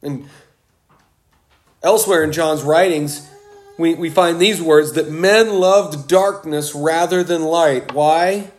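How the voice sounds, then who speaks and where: Man, preacher, sermon, high-pitched, unhurried, emphatic pauses.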